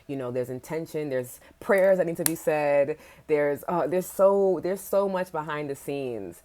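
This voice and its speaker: Measured in pace, with a low-sitting, dark-toned voice, this woman hosts a laid-back livestream podcast. Her talk is frank and chatty, full of "like"s and offhand swearing.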